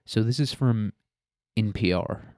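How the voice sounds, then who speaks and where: A man riffing on the news in a blunt, crude, sarcastic way. His voice is low and mellow. The sound is dry and close. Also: a little slow, dry recording. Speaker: podcast host. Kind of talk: casual current-events commentary.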